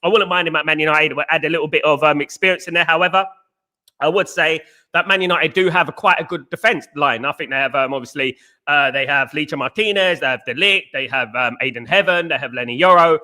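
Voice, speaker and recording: A man's voice: on the high side, fast talker, bright, forceful tone. A young Englishman hosting a live football chat stream, talking animatedly, repeating phrases and greeting viewers. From England. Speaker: host.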